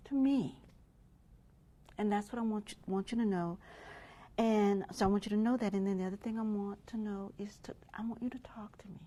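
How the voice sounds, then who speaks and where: A woman's voice: mid-range voice, warm tone, natural voice. An actress playing a hurt and angry homeowner woman who speaks emotionally and often drops into a whisper in a role-played mediation. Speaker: victim in mediation.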